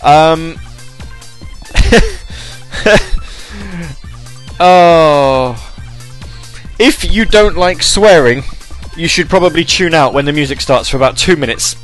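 A man's voice: a little high, lively intonation, drawn-out words, pauses often, fairly bright tone, soft background music. A man hosting a podcast alone, rambling and self-deprecating, with many fillers and restarts. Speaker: podcast host. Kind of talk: casual solo podcast chat.

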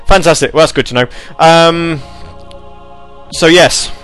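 A man hosting a casual live radio show, rambling and animated as he reads chat messages and tells stories. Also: on the high side, measured pace, soft background music.

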